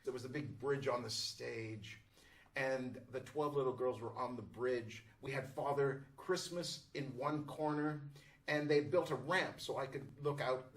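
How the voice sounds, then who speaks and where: A man who acts on stage tells an unhurried, descriptive backstage anecdote, pausing now and then. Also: mid-range voice. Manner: unhurried, descriptive, with pauses and fillers. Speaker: stage actor. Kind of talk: anecdotal storytelling. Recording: voice distant from the mic.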